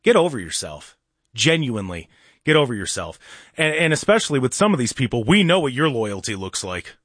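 A man's voice: medium pitch, big pitch swings, a little fast, fairly bright tone, no room sound, clean studio sound. A male talk show host delivering a combative, sarcastic opinion monologue full of rhetorical questions.

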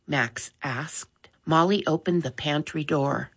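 Slow, expressive woman reading a story. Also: sits low, breathy edge. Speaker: narrator. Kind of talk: children's story read aloud.

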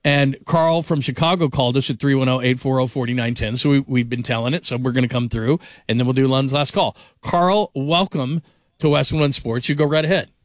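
A man's voice: medium pitch, fairly even intonation, a little fast, no room sound, clean studio sound. A man hosting a national sports radio show, enthusiastic and heavy on superlatives.

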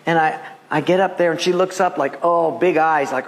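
A male pastor from Hawaii preaching a sermon, telling a story and acting out quotes in an animated voice. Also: on the high side, normal speed, long reverb tail. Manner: animated, acts out quotes with raised voice.

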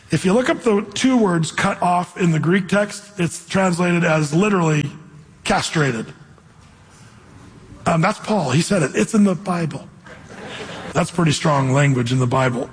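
Pastor guy preaching, kinda raspy, big reverby church sound, punchy casual delivery. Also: a little high, lively intonation, moderate pace. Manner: emphatic, conversational preaching with acted quotes. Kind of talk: sermon.

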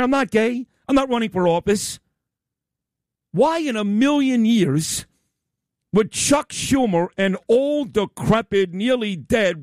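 A man hosting talk radio, ranting in a loud, combative, sarcastic way into a studio microphone. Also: sits high, no echo. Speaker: radio talk show host.

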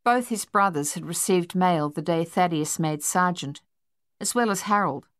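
A woman narrating a novel in a measured storytelling manner, close to the microphone. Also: fairly low pitch, a bit bright, no echo. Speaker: audiobook narrator. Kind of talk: scripted narration.

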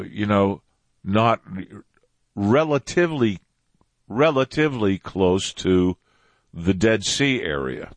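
Male preacher, conversational, animated pitch, emphatic repetition, dry recording. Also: no echo. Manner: conversational, repeats phrases for emphasis. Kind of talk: Bible teaching.

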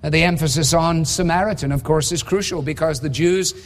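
Man preaching in a reverberant hall. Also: on the high side. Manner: measured, emphatic, with rhetorical questions. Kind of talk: expository sermon. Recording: long reverb of a large hall.

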